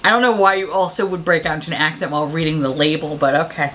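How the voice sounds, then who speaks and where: A woman's voice: low voice, fairly even intonation, fast talker, hardly any pauses, a bit bright, slight background noise. A woman chatting casually as a makeup vlogger, rambling, swearing freely and laughing often.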